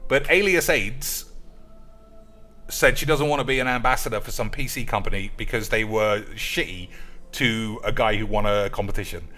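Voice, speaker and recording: A man's voice: lowish voice, moderate pace, sharp tone, faint music behind. A man streaming a card game, ranting with sarcastic, profane commentary. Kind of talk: gameplay commentary.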